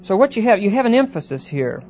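A man lecturing a Bible class, pausing and repeating words and often checking that students follow. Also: high-pitched, very animated, a little mellow. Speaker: Bible teacher. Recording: dull lo-fi recording with faint hiss.

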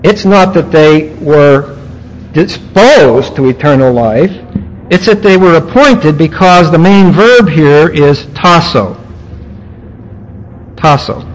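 A male preacher giving an expository sermon, teaching word by word with emphatic pauses. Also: fairly high pitch, lively intonation, low-quality recording. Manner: teacherly, explaining grammar point by point with emphatic pauses.

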